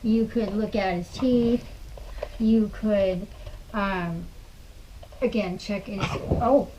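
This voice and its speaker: A woman's voice: mid-range voice, steady tone, drawn-out words, recorded from a distance, background noise. A woman dog trainer explaining puppy care to a client in a patient, explanatory way, often cooing praise at the dog. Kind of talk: hands-on training lesson.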